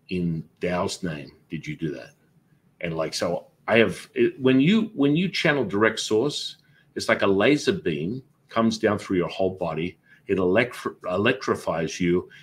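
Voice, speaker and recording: A man, a Taoist master, telling stories in an interview in a lively way, acting out remembered dialogue. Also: low-pitched, slightly rough. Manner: animated, acts out remembered dialogue. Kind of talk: personal storytelling in an interview.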